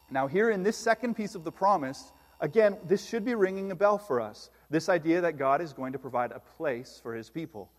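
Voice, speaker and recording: A man preaching a sermon, reading scripture aloud with slow emphasis and then explaining it to his congregation. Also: on the high side, animated, long reverb tail. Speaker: pastor.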